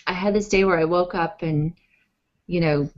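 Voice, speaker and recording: A woman's voice: lowish voice, moderate pace. A woman guest on an interview, telling a personal story in a chatty way, with lots of fillers and acted-out quotes. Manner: animated, acts out quotes, many fillers. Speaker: interview guest, author and blogger. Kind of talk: conversational storytelling. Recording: dull lo-fi audio.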